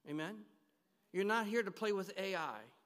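A man preaching an emphatic sermon in a church, swinging between hushed and loud. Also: sits high, expressive, moderate pace. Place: church sanctuary. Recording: long hall reverb.

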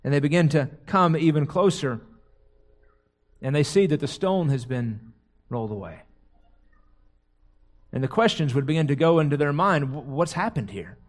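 A man's voice: a little high, normal speed, pauses often. A man preaching a sermon, retelling a scripture story dramatically, often repeating words as he goes. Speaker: pastor.

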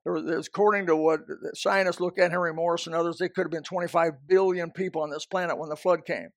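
A man's voice: a little high, fairly even intonation, quick pace, no echo, studio quality. A man preaching a sermon as a pastor, emphatic and repetitive, often restarting his sentences.

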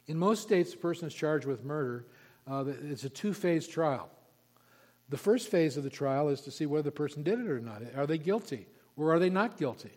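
A pastor preaching an expository sermon, emphatic and repeating key words for stress. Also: male voice, a little high, expressive, a little fast, darkish tone. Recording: long reverb of a large hall.

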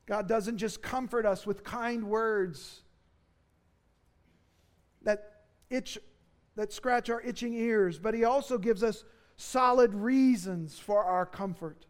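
A pastor delivering a sermon in an earnest, emphatic way, with dramatic rises for key phrases. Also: male voice, high-pitched, takes it slowly, pauses often.

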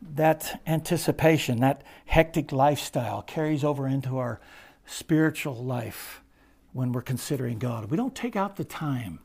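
A man preaching a sermon, dropping to hushed, slow phrases and then rising to loud, ringing emphasis. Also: mid-range voice, gravelly, slightly rough.

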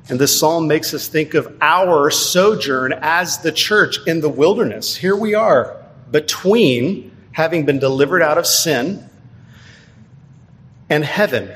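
A male preacher delivering a measured, emphatic sermon, slowing down to stress key phrases. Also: a little high, a bit bright. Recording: long hall reverb.

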